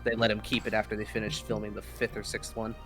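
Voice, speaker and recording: A man's voice: lowish voice, monotone, fast, music in the background. Laid-back man, tabletop player. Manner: laughs easily, describes his actions with fillers. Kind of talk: casual tabletop game chat.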